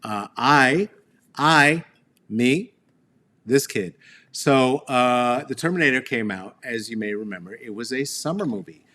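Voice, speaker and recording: A man hosting a reflective storytelling monologue outdoors beneath a tree, talking slowly with wandering asides and fillers. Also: mid-range voice, expressive, bright, forceful tone. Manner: slow, wandering, with laughs and fillers. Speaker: host.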